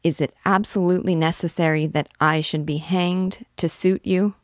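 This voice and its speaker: A woman's voice: fairly low pitch, fairly even intonation, normal speed, dry recording, clean studio sound, natural voice. A woman voicing a vain, wordy male poet who rambles and boasts about his clever plans. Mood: boastful. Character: vain chattering male poet, pleased with himself.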